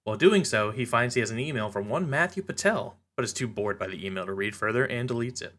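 A man's voice: mid-range voice, fast, a bit bright. A man co-hosting a podcast, recapping a comic in loose, casual chat with lots of fillers and laughs. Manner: laughs often, loose and chatty with frequent fillers. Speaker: podcast co-host.

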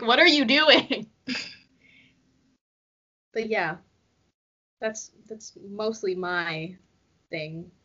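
A young woman with a bright, lively voice talks in a chatty, giggly way, with plenty of "like" and "you know". The sound is a little dull and lo-fi. Her voice sits slightly high for a woman. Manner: giggly, chatty, lots of fillers. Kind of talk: casual chat.

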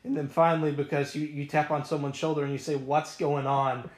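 A man's voice: on the high side, level tone, quick pace. A man hosting a podcast, asking questions and giving preacherly asides in casual church talk. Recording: echoey room.

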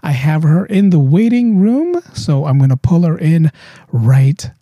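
A man's voice: a little high, big pitch swings, measured pace, warm tone, dry recording, studio quality. A man hosting a live podcast interview over a video call, upbeat and chatty, often repeating himself. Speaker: podcast host.

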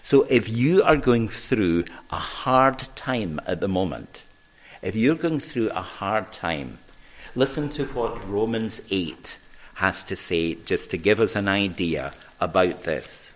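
A man preaching a sermon in a church, measured and earnest. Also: lowish voice, expressive.

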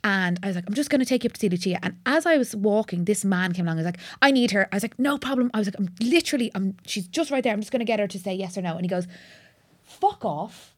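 A woman makeup artist telling work stories as a podcast guest in casual chat, animated and swearing freely. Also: mid-range voice, racing, hardly any pauses, slightly rough, dry recording, studio quality.

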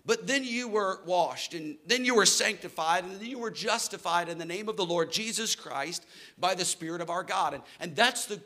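A man's voice: high-pitched, moderate pace, bright, forceful tone. A man in his thirties preaching a sermon in a church hall, earnest and building to emphatic declarations. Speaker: pastor.

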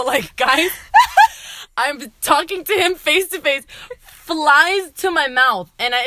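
A woman's voice: high voice, bright, forceful tone. A young woman co-hosting a casual podcast, telling a story with lots of laughter and swearing. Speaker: podcast co-host.

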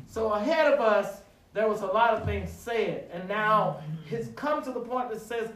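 A man preaching a sermon in a church, using call-and-response with the congregation and rising to shouts. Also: high voice, unhurried, a little hiss or hum. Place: church sanctuary. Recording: echoey room, distant mic.

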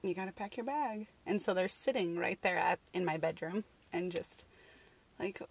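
A woman podcast host in casual chat, friendly and quick to react with lively asides. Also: fairly low pitch, creaky, husky.

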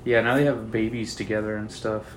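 A man's voice: fairly low pitch, level tone, a little fast, faint music behind. A young man casually chatting on a podcast from a home kitchen, telling stories loosely with lots of fillers. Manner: loose, filler-heavy storytelling with quoted voices. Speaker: podcast co-host. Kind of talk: casual chat.

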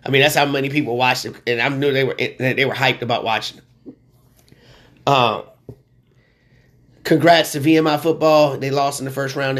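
A man hosting a sports talk show, rambling and excitable with lots of slang. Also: medium pitch. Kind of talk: casual sports commentary.

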